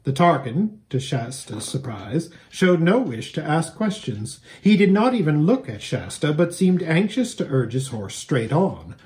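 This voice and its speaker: A pastor reading a children's novel aloud as an expressive storyteller. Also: male voice, on the high side, unhurried, hardly any pauses.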